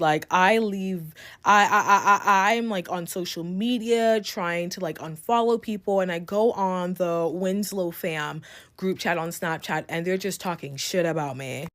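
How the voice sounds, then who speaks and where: A young adult woman telling a casual storytime, rambling, swearing freely and filling her speech with "like". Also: on the low side.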